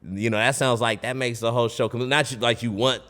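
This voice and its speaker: A man's voice: medium pitch, fairly even intonation, brisk, a bit bright, in a large hall. Laid-back storytelling comedian man. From Fresno, California. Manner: laid-back storytelling, acts out voices, laughs often. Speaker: comedian guest. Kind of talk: casual podcast chat.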